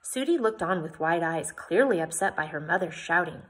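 A woman's voice: on the low side, animated, moderate pace, slightly rough. A woman reading a novel aloud, narrating expressively in the first person and chatting briefly at the end. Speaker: audiobook reader.

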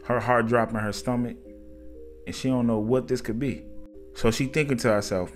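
A man narrating a casual story in a conversational, slangy, animated way. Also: medium pitch, moderate pace, soft background music.

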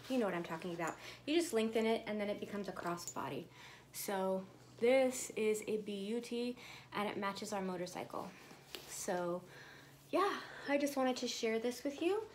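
A woman vlogger talks casually and directly to her viewers, calling them "you guys" as she shows off a new purchase. Her voice sits at an ordinary middle pitch. There is clear background noise in this home video. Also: lively intonation, normal speed. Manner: chatty, talks straight to viewers. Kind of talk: casual unboxing chat.

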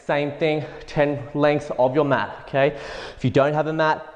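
A fitness instructor with a slightly high voice counts reps and cheers people on while he works out alongside them. He is out of breath, and a long reverb trails each word. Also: steady tone, normal speed, highs cut off. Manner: encouraging, counts reps aloud while exercising. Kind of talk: workout coaching.

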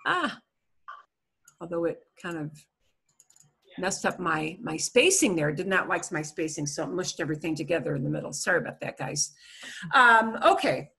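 A woman's voice: on the low side, sing-song, moderate pace, vocal fry, pauses often, pushed and bright, husky. A middle-aged woman teaching an online Spanish class in a chatty, explanatory way, with many fillers.

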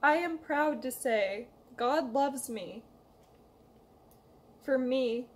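A woman's voice: high-pitched, drawn-out words. A young woman making an emotional, hesitant personal confession to her family and friends, reading from a letter she wrote. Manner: emotional, hesitant, pleading, reads a letter aloud. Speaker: vlogger.

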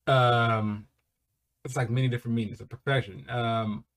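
A man hosting a casual music reaction video, swearing freely and breaking into loud, high-pitched laughing excitement. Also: moderate pace. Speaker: reaction channel host.

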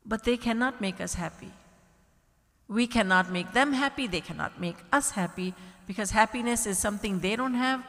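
A woman's voice: on the high side, moderate pace, fairly bright tone. A woman spiritual teacher giving a discourse, telling stories with acted-out quotes and emphatic repetition. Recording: long hall reverb.

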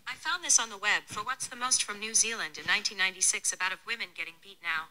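A man imitating a female phone voice assistant with a flat, automated reading. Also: high-pitched, quick pace, voice pushed up. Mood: mock robotic. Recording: noisy.

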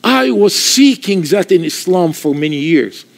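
Egyptian-accented male preacher, high voice, unhurried delivery, impassioned testimony in non-native English. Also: lively intonation, gravelly. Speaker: preacher giving his testimony. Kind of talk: testimony sermon.

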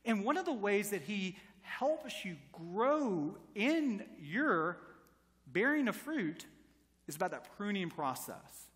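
A man's voice: high-pitched, big pitch swings, slow, fairly bright tone. A man in his thirties preaching a sermon as pastor, telling stories and building to emphatic appeals. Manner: storytelling with acted quotes, rising to emphatic preaching. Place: church sanctuary. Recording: long church reverb.

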